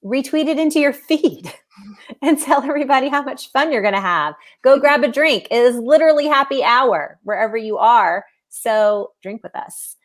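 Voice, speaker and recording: A woman's voice: high-pitched, expressive, moderate pace. A woman hosting a casual virtual happy hour, upbeat and chatty as she greets listeners over a video call. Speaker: host, co-owner of the show.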